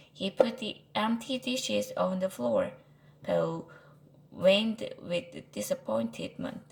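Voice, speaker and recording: A woman with a Korean accent reads a children's chapter book aloud, careful and deliberate, with small slips along the way. Her pace is slow and her voice gravelly. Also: fairly low pitch, very animated, poor audio. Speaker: English reading teacher.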